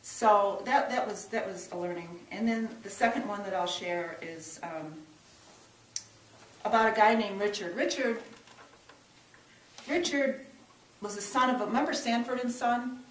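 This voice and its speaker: A woman's voice: medium pitch, a little slow, long pauses, a little hiss or hum. A middle-aged woman working in church social service, telling a personal story in an earnest, reflective way, with frequent restarts and emphatic rises. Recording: roomy sound from a distance, faint ambience.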